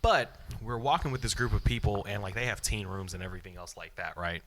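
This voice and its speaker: A man's voice: fairly low pitch, fast, slight background noise. A man co-hosting a podcast, telling a funny story in casual chat, laughing often and acting out what people said. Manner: animated, laughs often, acts out quotes. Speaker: podcast co-host.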